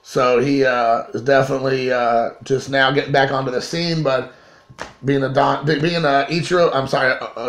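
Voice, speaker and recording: A rambling, chatty man from Kentucky shows off his finds in a casual vlog, his voice sitting a little on the high side. He keeps restarting and correcting himself as he goes. The room around him is noticeably echoey. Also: fairly bright tone. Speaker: card collector. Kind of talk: casual show-and-tell vlog. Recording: roomy echo.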